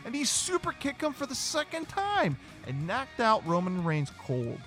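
A man hosting a casual wrestling review podcast, animated and acting out quotes. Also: very high voice, moderate pace, faint music behind. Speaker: podcast host.

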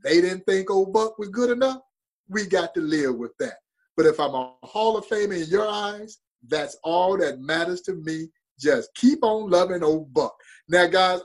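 Husky guy, kinda high voice, tells stories all dramatic and heartfelt. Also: lively intonation, unhurried, low-quality recording. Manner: impassioned, dramatic storyteller. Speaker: baseball museum guest. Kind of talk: storytelling interview.

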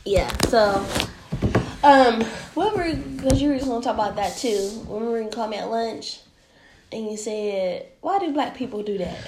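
Teasing female podcast co-host, fairly high and lively, echoey room with clear background noise. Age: adult, parent of nearly ten-year-old. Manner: teasing, quick to laugh, playful put-downs. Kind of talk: casual chat.

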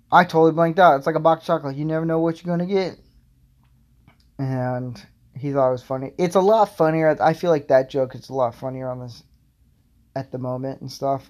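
A man's voice: medium pitch, a little mellow. Rambling young man hosting a solo podcast. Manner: rambling, filler-heavy, self-deprecating. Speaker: podcast host.

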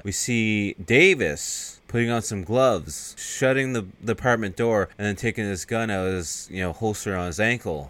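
Low-voiced man rambling through a film recap. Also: a bit bright, no room sound. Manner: rambling, profane, acts out the characters' lines. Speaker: podcast host reviewing a film.

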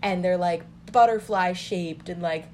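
A woman's voice: on the low side, a little slow, a little mellow, a little hiss or hum. A young woman telling family stories in casual chat, rambling with many filler words.

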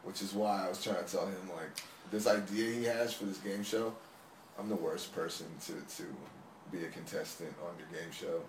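A man's voice: low voice, fairly even intonation, moderate pace. A man on a podcast as a guest, complaining sarcastically and swearing freely. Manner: grumbling, sarcastic, swears a lot. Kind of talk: casual chat. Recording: echoey room with faint background noise.

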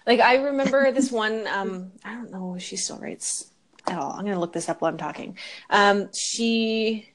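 A young woman talks as a podcast co-host in loose, casual chat. She is candid and slips into rants, swearing freely as she goes. Her voice sits in a middle pitch range. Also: moderate pace.

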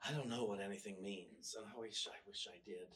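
A man's voice: fairly low pitch, fairly quick, a bit bright, distant mic. A male minister giving a casual, storytelling sermon with wry humor, often restarting his sentences. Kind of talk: conversational sermon. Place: church.

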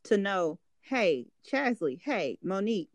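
A woman's voice: mid-range voice, very animated, slow, no echo. A woman hosting a faith podcast, affirming and encouraging her guest in casual talk. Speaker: podcast host.

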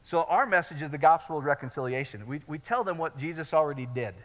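High, bright-voiced preacher man in a hall. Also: fast talker. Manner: conversational preaching with jokes and rising shouts. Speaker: pastor. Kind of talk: sermon.

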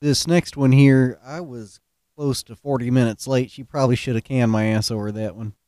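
Male host, relaxed joker, warm tone, dry close recording. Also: mid-range voice, normal speed, no echo. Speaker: podcast host. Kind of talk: casual storytelling.

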